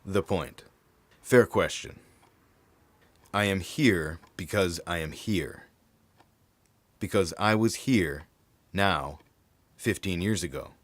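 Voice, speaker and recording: A man in his fifties playing his own cryptic, deadpan older self who has come back from the future, in an audio drama. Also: deep voice, slow pace, pauses often, dry recording. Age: 50s. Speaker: older time-traveling self.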